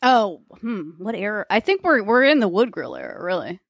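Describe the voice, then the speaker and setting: A woman's voice: mid-range voice, big pitch swings, no room sound, studio quality. A woman co-hosting a podcast in casual chat, wry and teasing. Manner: wry, teasing, quick to laugh. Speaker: podcast co-host.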